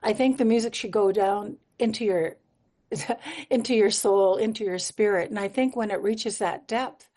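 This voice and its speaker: A woman's voice: medium pitch, normal speed, warm tone. Earnest, reflective woman interviewee. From Manitoba, Canada. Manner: earnest, reflective storytelling with easy laughs. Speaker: singer-songwriter guest. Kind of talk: radio interview conversation.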